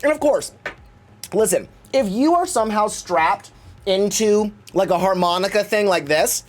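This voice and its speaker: A man's voice: high-pitched, expressive, a little slow, slight background noise. A man streaming live, chatting casually in a campy, theatrical way and swearing freely.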